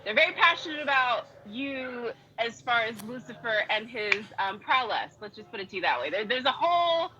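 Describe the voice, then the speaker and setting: Enthusiastic, bright-voiced woman interviewer. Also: on the high side, very animated, normal speed, hardly any pauses, dull audio. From United States. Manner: chatty and enthusiastic, uses "y'all". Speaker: interviewer host. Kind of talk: casual interview chat.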